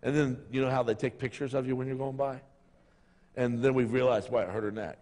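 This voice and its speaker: A man's voice: mid-range voice, fairly even intonation, fairly quick, darkish tone. A middle-aged man preaching a sermon as pastor, telling jokey stories and acting out voices. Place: church sanctuary. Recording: long reverb of a hall.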